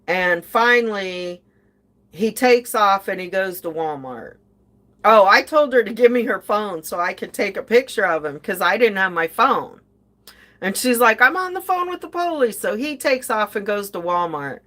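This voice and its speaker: Older woman, podcast host, slow and sarcastic casual storyteller. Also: mid-range voice, animated, a bit bright.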